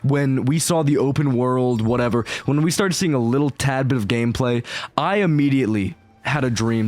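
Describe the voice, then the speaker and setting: A man giving casual, excitable gameplay commentary, rambling and swearing freely as he plays. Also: mid-range voice, moderate pace. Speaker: gaming YouTuber.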